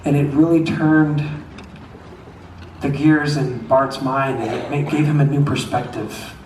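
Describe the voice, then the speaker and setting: A man's voice: fairly high pitch, flat delivery, measured pace, darkish tone, far from the mic, a little hiss or hum. Young singer guy w a bit of southern twang, talking between songs, echoey venue, recorded from way back in the crowd. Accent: slight Southern twang. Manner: chatty, rambling, many fillers. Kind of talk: concert stage talk. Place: concert venue.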